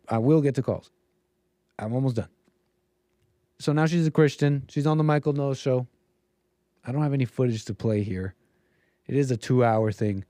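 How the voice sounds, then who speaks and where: A man's voice: on the high side, darkish tone, no room sound, clean studio sound. A man hosting a livestream show, talking in a casual, rambling monologue with many restarts and mocking put-on quotes.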